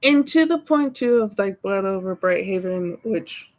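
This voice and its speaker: A woman's voice: medium pitch, lively intonation, normal speed. A woman co-hosting a book club podcast, chatting casually, laughing often and explaining eagerly. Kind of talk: casual chat.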